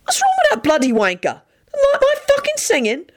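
Sirius is a brash young troublemaker who crows and taunts at the top of his voice, as a woman puts him on. His pitch jumps high and swings wildly, loud and mocking in a storybook reading. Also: wildly swooping pitch, brisk. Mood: cocky. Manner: loud, mocking, sing-song. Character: brash cheeky young man, rowdy joker.

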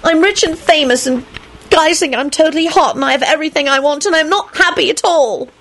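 A woman voicing a spoiled, petulant young woman who whines and wails in a high voice. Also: brisk, fairly bright tone. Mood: miserable. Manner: whiny, high and wailing.

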